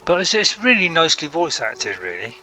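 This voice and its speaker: A man hosting a casual gaming video, chatting and dropping joking asides as he plays. His voice is very bright and edgy. Faint music runs behind him. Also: on the high side, sing-song, fairly quick, low-quality recording. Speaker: gaming channel host. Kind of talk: casual game commentary. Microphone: console app chat mic.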